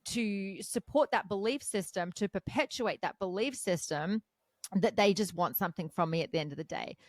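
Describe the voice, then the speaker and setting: A woman's voice: mid-range voice, moderate pace, dry recording. A woman hosting a podcast, talking frankly and animatedly in a casual interview. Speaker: podcast host.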